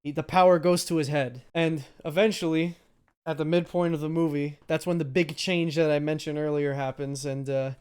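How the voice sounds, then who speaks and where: A man's voice: on the high side, fairly even intonation, normal speed, darkish tone, smooth. A man co-hosting a film review podcast, chatting casually, laughing often and wandering into asides. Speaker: podcast co-host.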